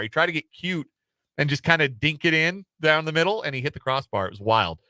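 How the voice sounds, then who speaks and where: Bright-voiced rambling sports radio host. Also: male voice, fairly high pitch, expressive, fairly quick, no room sound. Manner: rambling, self-deprecating, many fillers. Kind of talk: casual sports talk radio. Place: radio studio. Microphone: studio microphone.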